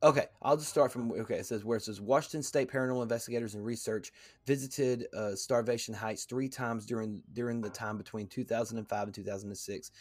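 A man hosting a podcast, reading a text aloud in a halting way, with fillers and stumbles. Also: mid-range voice, a little mellow, dry recording. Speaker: podcast host.

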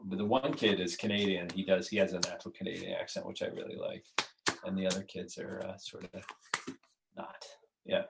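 A man's voice: low-pitched, lively intonation, fairly quick, creaky, background noise. A man who is a writer and creator, talking as a podcast guest in a casual, rambling way with many restarts. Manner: rambling, restarts, laughs at his own jokes.

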